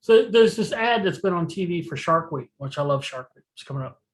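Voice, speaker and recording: Animated, profane podcast storyteller. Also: medium pitch, brisk, rough recording. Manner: animated storyteller, profane, laughs while telling. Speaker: podcast co-host. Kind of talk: casual chat.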